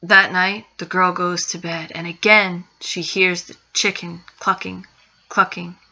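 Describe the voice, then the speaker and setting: A woman's voice: on the low side, level tone, a little slow, vocal fry, sharp tone. A woman narrating a spooky story with suspense, repeating phrases for effect. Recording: dull lo-fi recording.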